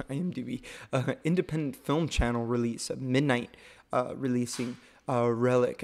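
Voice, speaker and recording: A man hosts a casual live-stream show about new releases, talking in a loose, rambling way. He halts often and fills the gaps with ums and uhs. His pitch sits mid-range and stays level, with little rise or fall. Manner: rambling, halting with many fillers. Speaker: host of a home-video release show.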